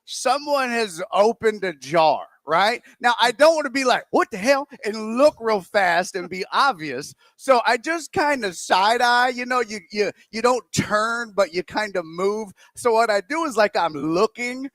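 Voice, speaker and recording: A man co-hosting a sports talk radio show, telling a rambling, animated anecdote with acted-out quotes into a close studio microphone. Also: sits high, a little slow, few pauses, no room sound.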